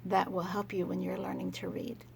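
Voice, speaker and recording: A woman teaching young children letter sounds, speaking gently and sounding out each letter. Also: mid-range voice, completely flat delivery, moderate pace, creaky, background noise. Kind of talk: children's phonics lesson.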